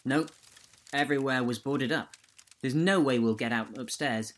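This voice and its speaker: A man's voice: medium pitch, normal speed, fairly bright tone, voice pushed up, close to an everyday voice. A man voicing Tom, a shaken, reluctant young man in a ghost story reading. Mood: weary.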